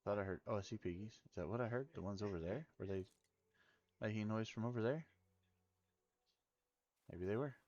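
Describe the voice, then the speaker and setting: A man's voice: fairly low pitch, a little fast, long pauses, darkish tone, no echo, muffled recording. A man with a Tennessee accent, streaming a game and muttering his way through it while chatting to viewers. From Middle Tennessee, US. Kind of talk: casual live game commentary.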